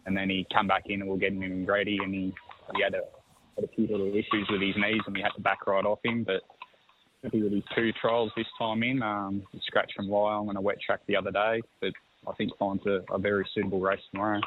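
A man, a horse trainer talking over the phone in a halting, easygoing way that repeats words. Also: on the low side, completely flat delivery. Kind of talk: phone interview. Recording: tinny phone line with faint noise.

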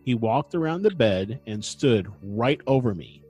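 A man's voice: mid-range voice, lively intonation, unhurried, warm tone, slightly rough, soft background music. A man hosting a casual podcast, recounting events with dry humor and frequent fillers. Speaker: podcast host. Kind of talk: casual chat and storytelling.

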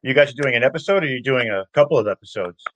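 A man hosting an interview over a video call, relaxed and easygoing. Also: mid-range voice, rapid-fire, background noise. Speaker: show host.

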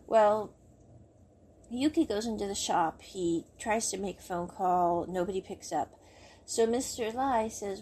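Chatty woman recapping a drama, mellow. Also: mid-range voice, unhurried, a little hiss or hum. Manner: chatty, rambling, laughs at the story. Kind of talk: casual plot recap.

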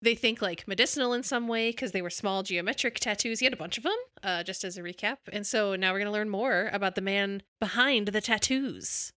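A woman co-hosting a casual podcast, talking in an excited, chatty way. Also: medium pitch, fairly quick, few pauses, no echo, clean studio sound. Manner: excited, talkative. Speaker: podcast co-host.

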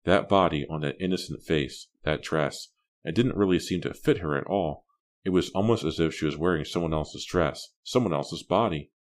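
Very deep-voiced male audiobook narrator. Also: normal speed. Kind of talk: scripted narration.

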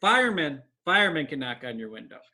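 A man's voice: a little high, big pitch swings, quick pace, pushed and bright. A man hosting a podcast, asking laid-back questions and calling out segments. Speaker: podcast host. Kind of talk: casual chat.

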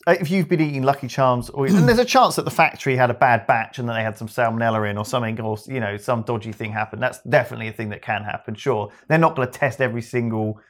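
A man's voice: mid-range voice, fast, hardly any pauses, a bit bright. A man co-hosting a podcast, chatting casually in a rambling, hesitant, easygoing way. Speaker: podcast co-host. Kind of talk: casual chat.

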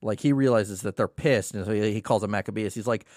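Man, low register, casual podcast recap, dry booth sound. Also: fast, a little mellow, no echo. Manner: casual, swears, acts out characters' lines. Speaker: podcast co-host recapping a novel. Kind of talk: casual chat.

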